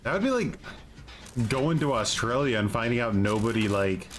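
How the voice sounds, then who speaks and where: A man's voice: medium pitch, expressive, moderate pace. Male streamer, mid-range voice, playful casual banter over background noise. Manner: joking, teasing, playful put-on phrases. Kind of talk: casual live gameplay chatter.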